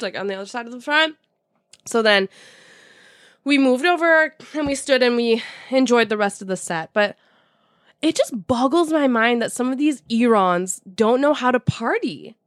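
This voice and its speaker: High-voiced young woman ranting casually. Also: dry recording, clean studio sound. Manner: animated, profane, laughs often; mixes in Persian words. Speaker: podcast host. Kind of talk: casual storytelling monologue.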